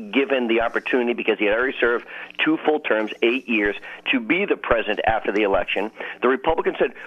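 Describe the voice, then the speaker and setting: Male phone-in guest, measured and deliberate, mid-pitched, heard through a tinny phone line. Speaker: political guest. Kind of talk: phone-in radio interview.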